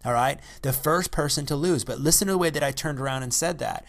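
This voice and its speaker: A man giving an unscripted coaching talk into a microphone, energetic and repetitive, often checking in with "all right?". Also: fairly high pitch, quick pace, gravelly, few pauses. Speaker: real estate investing coach. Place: by the ocean.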